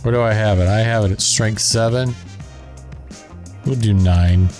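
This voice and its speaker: A man's voice: on the low side, unhurried, darkish tone, faint music behind. A man with a Southern drawl chatting casually as he plays and narrates a building game, thinking aloud as he works. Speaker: gaming channel host.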